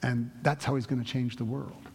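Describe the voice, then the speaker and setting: A male pastor delivers a sermon in a loose, conversational way, often stopping and restarting his thoughts. His voice is gravelly and a bit husky. It carries a long echo, as if recorded in a large church hall. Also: mid-range voice, fairly even intonation, a little mellow. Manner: conversational, halting, with many restarts.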